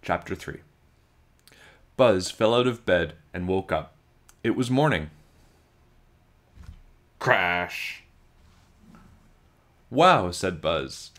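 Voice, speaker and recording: A man reading a children's storybook aloud, with slow, expressive storytelling. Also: low-pitched. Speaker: children's book reader.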